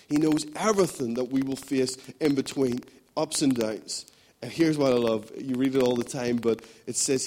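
A man's voice: mid-range voice, a little mellow, slight background noise. A man preaching a sermon, emphatic and repetitive, building his points in rhythmic runs. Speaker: pastor.

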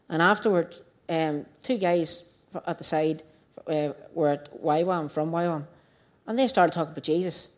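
A woman's voice: sits low, a little mellow. A woman with a Northern Irish accent giving a personal testimony to a church group, telling her story in a chatty way and acting out her own past dialogue.

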